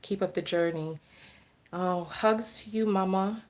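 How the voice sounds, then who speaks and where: A woman who coaches on self-love and relationships hosts a casual livestream Q&A, reading viewer comments and answering on the fly. Her mid-range voice is darkish and a little slow, and she often trails off and restarts mid-sentence.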